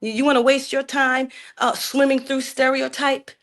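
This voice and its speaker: A woman's voice: high voice, level tone, normal speed, fairly bright tone. A middle-aged woman from Jamaica calling in to a talk stream, arguing emphatically and indignantly, repeatedly calling the host sir. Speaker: caller. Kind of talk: heated call-in debate.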